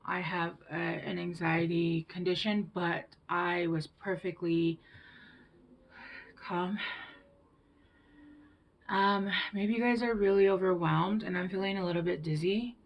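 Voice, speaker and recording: Tarot lady talking slow, low and gravelly, soft and reassuring with little whispers. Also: steady tone, dull audio. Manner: slow, gentle and reassuring, with hushed whispered asides. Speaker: tarot reader. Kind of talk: tarot reading for viewers.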